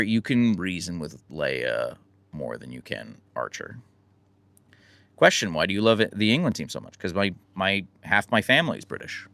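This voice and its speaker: Laid back and self-deprecating, an American man rambles while answering his live audience's chat. He has a low voice with gravelly fry and lots of up-and-down movement, captured close and dry with no room sound at all.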